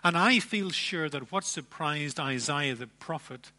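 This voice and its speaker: A man preaching a sermon, emphatic, with dramatic pauses and repeated phrases. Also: a little high, lively intonation, bright, forceful tone. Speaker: pastor.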